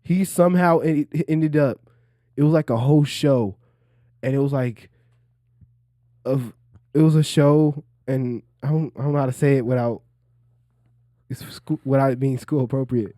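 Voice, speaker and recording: A man's voice: medium pitch, fairly even intonation, moderate pace, pauses often, mellow, no echo, studio quality. A young man co-hosting a casual podcast, teasing friends and laughing, often trailing off. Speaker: podcast co-host. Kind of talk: casual chat.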